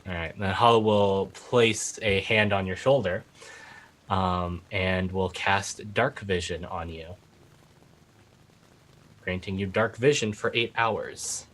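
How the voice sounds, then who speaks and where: A man playing a tabletop game, slowly and hesitantly describing his character's actions. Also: low voice, fairly even intonation, fairly bright tone, low-quality recording. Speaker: player.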